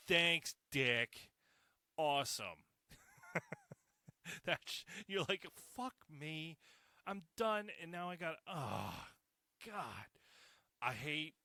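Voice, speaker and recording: A man hosting a casual solo podcast, talking in a profane, sarcastic, animated rant. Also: mid-range voice, dry recording. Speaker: podcast host.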